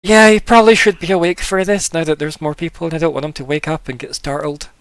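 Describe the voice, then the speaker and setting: A man's voice: on the high side, steady tone, fast, a bit bright, smooth, dry recording, pitched above the performer's own voice. A noncommittal, hesitant male camp host, voiced by a man. His voice sits a touch above the performer's own and sounds a little strained. The recording is dry and close.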